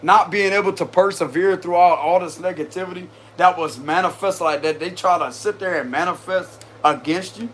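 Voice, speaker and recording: A man's voice: sits high, moderate pace, hardly any pauses, a bit bright, slight background noise. A man giving a casual tarot reading, chatty and slangy, talking straight to his viewers and often breaking into laughter. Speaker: tarot reader.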